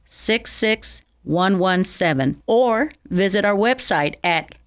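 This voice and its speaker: A woman preacher, slowly reading scripture and teaching in a weekly Bible message. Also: medium pitch, animated, clean tone. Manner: slow, deliberate scripture reading. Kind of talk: radio Bible teaching sermon.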